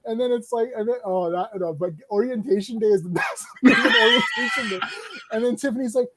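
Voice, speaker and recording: A man hosting a casual online horror discussion, talking excitedly with lots of laughter. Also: very high voice, brisk, heavy background noise. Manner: excited, laughing, acts out scenes. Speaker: stream host. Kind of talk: casual chat about horror shows.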